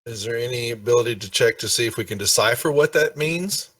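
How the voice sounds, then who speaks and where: A man's voice: medium pitch, quick pace, distant mic, a crowd in the background. A man playing a tabletop game, asking laid-back, hesitant questions in casual voice chat. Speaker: player.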